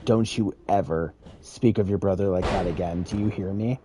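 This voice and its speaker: A man's voice: low voice, moderate pace, noisy background, natural voice. A man voicing a short-tempered, protective wrestler father in a retold game storyline, blunt and profane. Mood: menacing.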